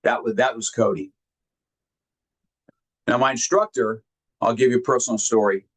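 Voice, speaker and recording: A man giving a heartfelt motivational talk, sharing personal stories earnestly and emphatically, often halting and repeating words when moved. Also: medium pitch, fairly even intonation, slightly rough. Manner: emphatic, directly addresses listeners. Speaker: motivational speaker.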